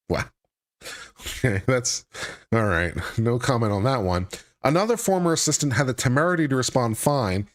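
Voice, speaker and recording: A man hosting a live stream, reading a court filing aloud and breaking off into dry, sarcastic commentary. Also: mid-range voice. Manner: reads legal text aloud then breaks off into sarcastic asides. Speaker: legal commentary host.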